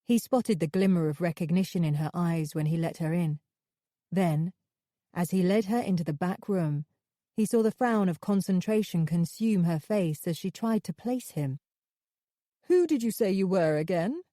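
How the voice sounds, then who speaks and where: A woman narrating a suspense audiobook with a warm, mellow tone and a measured, steady delivery. The recording is close and dry, with no room sound. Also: on the low side, no room sound.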